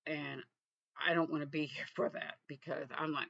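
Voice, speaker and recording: A man from Texas, vlogging in a reflective, halting way with frequent restarts. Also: fairly high pitch, level tone, creaky, sharp tone, no echo, dull audio. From Texas, USA. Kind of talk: casual personal vlog.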